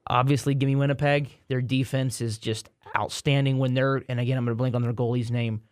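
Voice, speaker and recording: A man's voice: medium pitch, level tone, a little fast, smooth, no room sound. Male podcast host, casual sports chat, dry close sound, trips over his words a lot. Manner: rambling, repeats words and restarts, self-deprecating.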